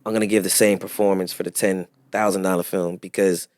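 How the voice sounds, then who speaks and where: A man, an actor guest telling animated stories in a casual interview chat. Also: sits low, brisk, dry recording, clean studio sound. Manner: animated storyteller, acts out other voices with laughter.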